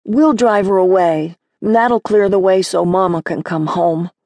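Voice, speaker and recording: A woman's voice: mid-range voice, measured pace, mellow, no room sound, natural voice. A woman reading an audiobook, voicing a cocky, sardonic twelve-year-old boy with a theatrical, sneering manner. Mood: hurt.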